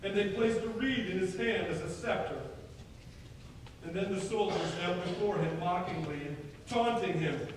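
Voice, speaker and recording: High-voiced American preacher in an echoey hall. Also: male voice, moderate pace, slight background noise. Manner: dramatic, rising to loud quoted outbursts. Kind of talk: Easter sermon retelling scripture. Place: church sanctuary. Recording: echoey hall, far from the mic.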